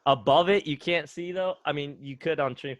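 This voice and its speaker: A man's voice: on the high side, normal speed, no echo. A young man talking casually on a podcast, telling stories with lots of fillers and acted-out quotes. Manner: relaxed storytelling with many fillers, acts out quotes. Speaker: guest, retired runner.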